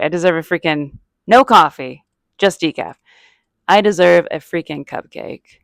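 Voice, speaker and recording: A middle-aged woman from Arizona, a comedian hosting her own podcast, speaks in a low, creaky voice with no room sound. Her casual monologue is a chatty, self-mocking ramble that drifts off topic.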